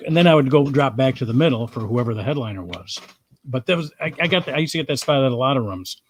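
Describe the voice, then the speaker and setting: A man chats through an old road story in a loose, rambling way, mid-pitched and unhurried. The sound is dry and close, with no room around it. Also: dry recording. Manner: relaxed rambling anecdotes with fillers. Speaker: comedian host. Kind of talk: casual storytelling chat.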